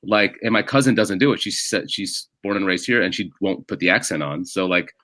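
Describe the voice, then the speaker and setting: Bright, forceful low-voiced man comedian. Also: fairly quick. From United States. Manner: rambling, jokey storytelling with many restarts. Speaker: guest comedian. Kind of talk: casual podcast chat.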